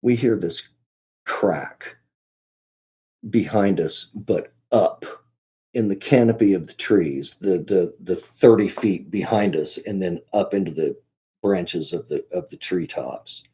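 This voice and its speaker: A man as a podcast guest, telling a story in a casual, halting way, often restarting and repeating his words. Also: low voice, a little mellow, breathy edge.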